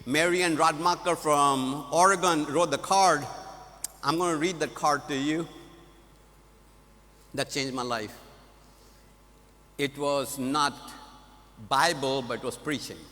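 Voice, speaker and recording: A middle-aged man preaching at a conference, telling a story in an animated way. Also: fairly high pitch, takes it slowly, pauses often. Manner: animated storyteller, laughs at his own story. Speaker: conference speaker. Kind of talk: storytelling sermon. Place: large conference hall. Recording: echoey hall.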